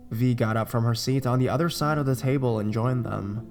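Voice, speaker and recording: A man narrating a first-person horror story in a steady, conversational reading voice. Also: mid-range voice, a little fast, soft background music.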